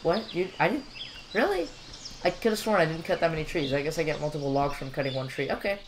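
A man's voice: on the high side, expressive, fast, slight background noise. Chatty young man rambling over gameplay. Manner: chatty, rambling and jokey, with frequent fillers. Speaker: gameplay commentator. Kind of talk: casual gameplay commentary.

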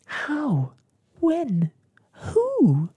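Brief: man playing an eager storybook boy, high excited cries, breathy ASMR delivery. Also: fast, heavily acted. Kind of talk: soft-spoken ASMR storytelling.

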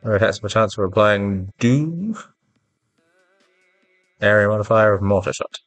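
A man's voice: lowish voice, animated, measured pace, fairly bright tone, no echo. A man giving casual gameplay commentary, rambling and self-mocking, easily flustered, with a congested, stuffy-nosed voice. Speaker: gaming YouTuber. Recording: faint game music behind.

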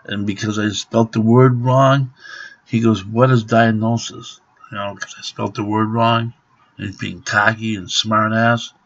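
A man's voice: on the low side, steady tone, measured pace, fairly bright tone. A middle-aged man ranting and swearing to the camera in an angry home vlog. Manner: profane, ranting, grumbling. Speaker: vlogger. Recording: dull lo-fi home recording.

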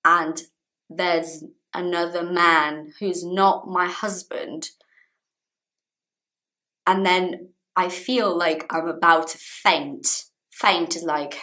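A woman's voice: lowish voice, bright, forceful tone. A woman in her thirties telling a personal story as an English teacher, repeating key phrases for learners. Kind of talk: storytelling lesson to camera.

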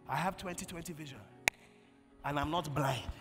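High lively preacher in a big hall. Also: male voice, unhurried, pauses often. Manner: preaching with call-and-response, swinging from loud bursts to quiet storytelling. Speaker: pastor. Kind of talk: sermon. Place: large church hall. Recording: long church hall reverb, faint music.

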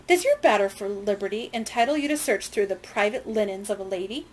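A woman's voice: medium pitch, lively intonation, fairly quick, slight background noise, lightly acted. A woman doing a haughty imperious lady. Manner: crisp, imperious and indignant. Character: haughty proud wealthy loyalist lady.

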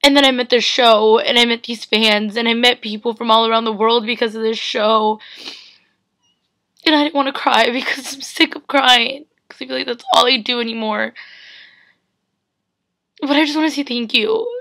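Young woman vlogger, tearful, rambling, bright higher voice. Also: fairly even intonation, normal speed. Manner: tearful, rambling, full of "like" fillers. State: teary, on the verge of crying. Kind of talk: emotional casual vlog.

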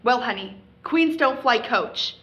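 A woman's voice: on the high side, animated, a little slow, fairly bright tone, poor audio. A woman playing a scolding, snobbish wife. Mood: indignant. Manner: scolding, haughty. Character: bossy, greedy wife Diane, scornful of husband.

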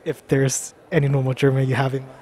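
A man's voice: mid-range voice, monotone, fast talker, warm tone. A man hosting a street interview vlog, explaining plainly and asking passers-by questions outdoors in a city. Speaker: host.

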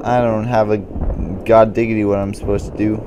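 A man's voice: on the low side, level tone, moderate pace, background noise. A man giving live gameplay commentary, muttering in confusion and frustration and calling people "dude". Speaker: gamer.

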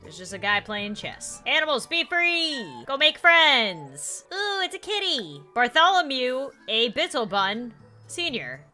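A young woman giving giggly, excitable let's-play commentary, talking to the animals in her game. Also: sits high, measured pace, faint music behind. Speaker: gaming YouTuber.

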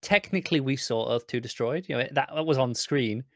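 Dude co-hosting a podcast, dry sarcastic quips, no room sound at all. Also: male voice, mid-range voice, fairly quick, a bit bright, dry recording. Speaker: podcast co-host. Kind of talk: casual podcast chat.

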